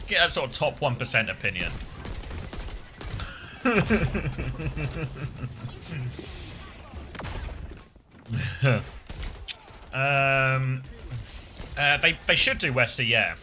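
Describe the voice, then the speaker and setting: A man's voice: medium pitch, sing-song, very slow, pauses often, pushed and bright, faint music behind. A man casually co-streaming an esports match from the south of England, chatting with his viewers and laughing often. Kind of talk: casual live co-stream commentary.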